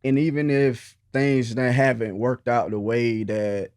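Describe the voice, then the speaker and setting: A man appearing as a guest on a podcast, talking about fatherhood. He tells stories in an animated way, laughs easily, and gives earnest advice. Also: mid-range voice, unhurried, dry recording, studio quality. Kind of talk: casual conversational interview.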